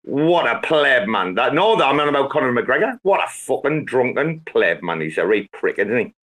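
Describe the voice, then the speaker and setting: A man's voice: mid-range voice, big pitch swings, normal speed. Swearing, rambling man in his forties. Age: 40s. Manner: swearing, rambling, loud and jokey. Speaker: Twitter Space participant. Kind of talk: rowdy banter.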